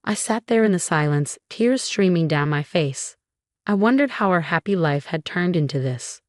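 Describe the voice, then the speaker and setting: A woman narrating a first-person story in an even, storytelling read. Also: lowish voice, normal speed, no room sound, studio quality.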